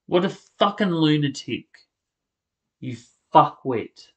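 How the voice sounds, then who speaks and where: A man's voice: fairly high pitch, animated, slow pace, dull audio. A man angrily reacting to a video, swearing and cutting off his own words as he rants. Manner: furious, swearing, blurting, restarting words. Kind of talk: angry reaction rant.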